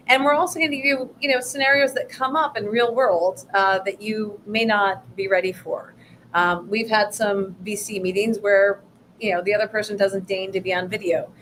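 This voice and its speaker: A woman's voice: mid-range voice, fairly bright tone, poor audio. Upbeat woman workshop co-host, promotional and chatty, faint background noise. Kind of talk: workshop talk on pitching investors.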